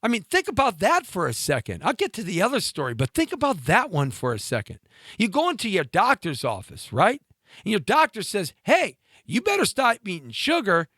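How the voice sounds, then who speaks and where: A man hosting a talk show, ranting in a comedic monologue, mocking and animated with sudden jumps in pitch. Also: brisk, slightly rough, dry recording, studio quality. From mixed Latin and Scottish-Irish heritage.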